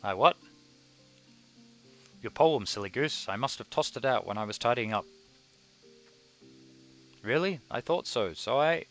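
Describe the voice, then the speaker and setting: A man's voice: mid-range voice, expressive, measured pace, long pauses, fairly bright tone, faint music behind. A man putting on a pompous lovesick harlequin. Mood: flustered. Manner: grandiloquent, uses big words wrongly. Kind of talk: reading game dialogue aloud.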